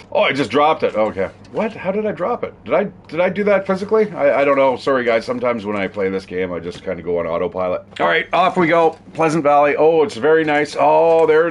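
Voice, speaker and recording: Chatty man rambling over gameplay. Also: medium pitch. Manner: rambling, chatty, swears casually. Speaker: gaming streamer. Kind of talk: casual gameplay commentary.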